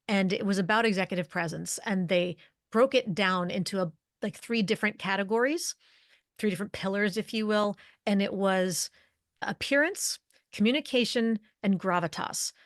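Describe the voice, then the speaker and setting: In a dry, clean studio recording, a middle-aged woman with a mid-range voice guests on a conversational podcast interview. As a leadership communication expert, she articulately unpacks leadership presence, framing her points as series of rhetorical questions.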